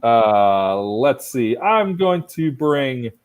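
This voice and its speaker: A man's voice: mid-range voice, big pitch swings, drawn-out words, smooth, low-quality recording. Rambling, self-mocking male improv host on a laptop call. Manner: rambling and self-mocking, with playful mock-strict judging. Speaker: improv show host and judge. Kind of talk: casual comedic emceeing.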